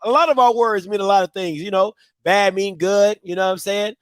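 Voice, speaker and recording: A man hosting a show in casual commentary, animated and full of repeated catchphrases. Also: high voice, brisk, dry recording. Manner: animated, repeats catchphrases, bursts into loud laughter. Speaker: show host.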